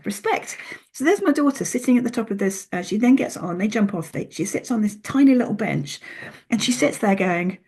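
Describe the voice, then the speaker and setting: A middle-aged woman, a podcast guest, telling a story in an animated way and often restarting her sentences. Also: mid-range voice, slightly rough. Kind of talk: casual interview talk.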